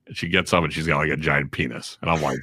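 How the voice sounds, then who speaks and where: A man with a very low, deep voice tells stories in a relaxed, chatty way, slipping into voiced quotes of the people involved. The sound is dry and close, with no room around it. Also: fast talker, slightly rough, dry recording. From Chicago area. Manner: animated anecdote-telling with voiced quotes. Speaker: guest voiceover artist and radio personality. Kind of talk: casual storytelling chat.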